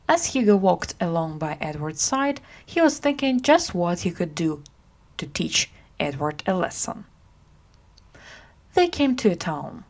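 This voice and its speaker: Slow expressive woman reading a story. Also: lowish voice. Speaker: reader. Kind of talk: graded-reader audiobook narration.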